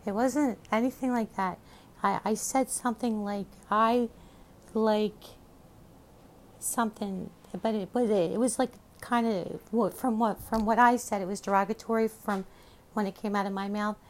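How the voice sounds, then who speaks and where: A woman's voice: mid-range voice, fairly even intonation, normal speed. A middle-aged woman hosting her own show, chatting in a rambling, affectionate way into a phone. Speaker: podcast host. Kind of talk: casual chat.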